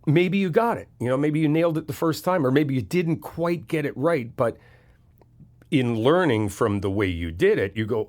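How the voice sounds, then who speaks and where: Male best friend for a comfort audio, animated and frank, casual swearing, reassuring. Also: medium pitch, moderate pace. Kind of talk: comfort audio role-play.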